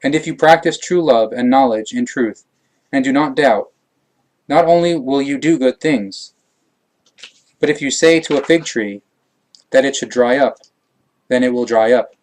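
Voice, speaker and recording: A man reading passages of a scripture aloud, slow, measured and solemn. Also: medium pitch, darkish tone. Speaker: reader.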